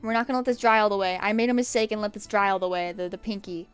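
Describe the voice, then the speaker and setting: A sick young woman streaming from her desk at home, rambling casually and swearing, with sudden loud yelps. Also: medium pitch, rapid-fire, clear, resonant tone, faint music behind. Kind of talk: casual chat while painting nails.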